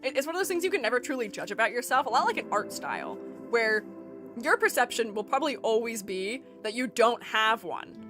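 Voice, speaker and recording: A young woman streamer chats with her viewers in a mixed Rust Belt American accent, laughing often and reading their messages aloud. Her voice sits slightly high and moves a great deal, leaping up and dropping low. Faint game music plays underneath. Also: lively intonation, a little fast. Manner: chatty, giggly, reads chat aloud. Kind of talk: casual chat while gaming.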